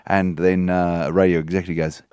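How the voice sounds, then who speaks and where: Low-voiced male comedian, wry anecdote teller, dry mic. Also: little pitch movement, a little fast, a little mellow, clear, resonant tone, no echo. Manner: storytelling, wry. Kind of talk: casual chat, anecdote.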